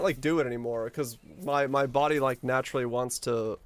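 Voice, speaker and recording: A male streamer chatting casually with his viewers in a relaxed, rambling way, his deep voice supported from the diaphragm. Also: a little fast. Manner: rambling and relaxed, with frequent restarts.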